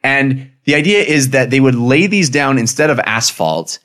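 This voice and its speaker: A man's voice: medium pitch, lively intonation, normal speed, fairly bright tone. A man co-hosting a casual, joking podcast and laughing often as he riffs. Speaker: podcast co-host. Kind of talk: casual comedic chat.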